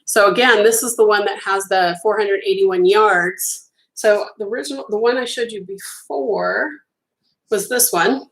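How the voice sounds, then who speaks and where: Chatty woman crochet host, slightly hoarse. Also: mid-range voice, unhurried, a bit bright, poor audio. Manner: chatty, enthusiastic, admiring, talks to viewers by name. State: losing her voice, clearing her throat. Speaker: crochet designer hosting a live stream. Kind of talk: casual live-stream chat.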